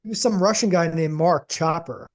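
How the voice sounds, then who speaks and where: A man's voice: fairly high pitch, moderate pace. A man co-hosting a podcast in rambling casual chat, restarting his sentences and tossing in dude and man. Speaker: podcast co-host.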